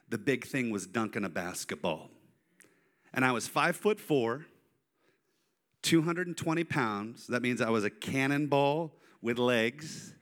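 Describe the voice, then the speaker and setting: A male pastor preaching a sermon, telling animated personal stories and speaking directly to his congregation. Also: medium pitch. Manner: animated, storytelling, addresses congregation.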